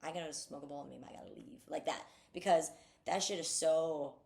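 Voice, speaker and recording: A woman's voice: deep voice, brisk, gravelly, darkish tone. A woman co-hosting a podcast in casual chat, blunt and profane, with fired-up talk. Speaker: podcast co-host.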